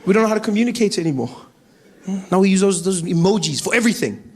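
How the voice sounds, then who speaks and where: A man's voice: sits high, fast, husky. A man in his thirties with a South African accent doing a stand-up set, acting out characters with big jumps in his voice. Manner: animated storytelling, acts out characters with big voice jumps. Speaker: stand-up comedian. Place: stage before a live audience.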